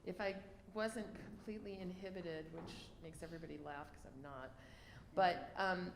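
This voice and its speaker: A woman giving piano masterclass feedback, effusive and quick to sing out rhythms while she explains. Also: on the low side, creaky. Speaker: piano adjudicator. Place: piano gallery room. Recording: roomy sound with faint room hiss.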